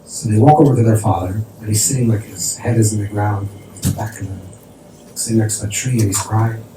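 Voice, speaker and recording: A man's voice: lowish voice, fairly even intonation, a little fast. A man, a rabbi, telling a story in a conversational sermon, sprinkling in Yiddish and Hebrew terms. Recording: distant mic in an echoey room with faint noise.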